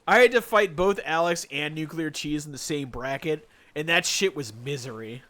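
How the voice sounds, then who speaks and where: Man, live streamer, bright forward voice, somewhat high, animated sarcastic storytelling. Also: moderate pace. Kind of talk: casual stream chat while gaming.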